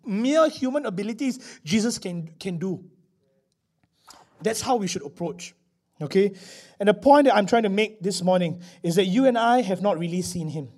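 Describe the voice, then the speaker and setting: A man preaching a sermon, swinging from loud emphasis to quiet asides and acting out little scenes. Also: sits high. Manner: animated, acts out little scenes with voices. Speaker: pastor.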